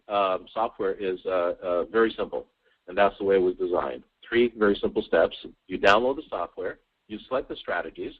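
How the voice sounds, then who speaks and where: A man giving an eager, emphatic sales pitch on a conference call, stumbling over repeated words as he talks. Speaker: sales presenter. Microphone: telephone on a conference call. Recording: tinny phone line.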